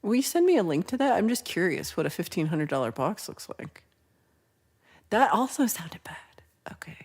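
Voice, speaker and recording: A woman's voice: on the low side, sing-song, fast, a little mellow, breathy edge. A woman hosting a casual livestream, chatting, teasing and laughing as she reads viewer comments. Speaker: livestream host.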